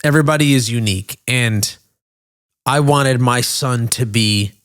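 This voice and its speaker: A man's voice: mid-range voice, unhurried, fairly bright tone. Emotional man telling a birth story. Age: 30s. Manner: emotional, candid, swears freely. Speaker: podcast host. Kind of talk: personal storytelling.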